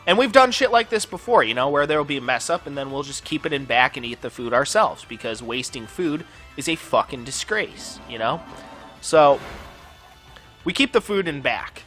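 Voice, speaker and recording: A man's voice: medium pitch, animated, moderate pace, pushed and bright, soft background music. A man hosting a gaming channel, telling a long personal story over gameplay in a casual, profane, ranting way full of filler words.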